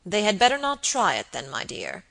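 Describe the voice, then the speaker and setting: A woman's voice: medium pitch, wildly swooping pitch, moderate pace, vocal fry, a bit bright, exaggerated voice. Woman reading as a doting elderly baronet. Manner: earnest, affectionate pleading. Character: elderly doting male baronet, fond and anxious. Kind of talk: audiobook character reading.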